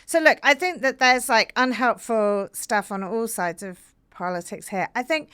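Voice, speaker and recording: A woman from Britain, an author guest in a podcast interview, talking earnestly with many fillers and animated storytelling. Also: fairly high pitch, moderate pace, smooth, no echo.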